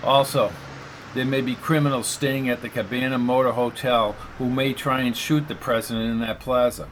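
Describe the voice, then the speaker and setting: A man's voice: mid-range voice, steady tone, moderate pace, a little hiss or hum, natural voice, low-quality recording. A man voicing a determined man racing to stop a killing, speaking in an urgent, clipped way.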